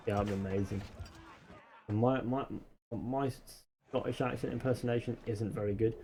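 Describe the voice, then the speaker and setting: A man's voice: medium pitch, steady tone, normal speed, noisy background. A man from northwest England with a Manchester accent, live-streaming a game, reading chat aloud and joking in a rambling way.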